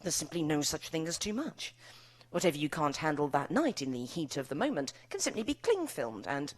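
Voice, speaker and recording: Low, lively British woman author. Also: fairly quick. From United Kingdom. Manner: wry, bawdy comic delivery. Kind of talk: author talk and reading from her own novel. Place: live event before an audience.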